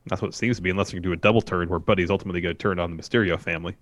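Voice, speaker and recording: A man's voice: low-pitched, steady tone, very fast, no echo. A man co-hosting a podcast, casually retelling a wrestling show play by play with plenty of fillers. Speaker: podcast co-host recapping wrestling. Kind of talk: casual recap chat.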